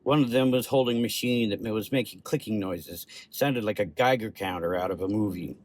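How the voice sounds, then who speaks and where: A man narrating a horror short story in a steady, measured way. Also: on the low side.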